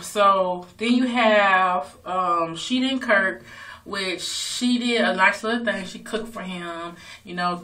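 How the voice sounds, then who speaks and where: A woman talks through a reality episode in a loose, profane ramble, full of fillers and restarts. Her voice sits fairly low but sounds bright and crisp. The phone recording puts her at some distance from the mic. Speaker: reality TV recapper. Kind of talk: casual episode recap.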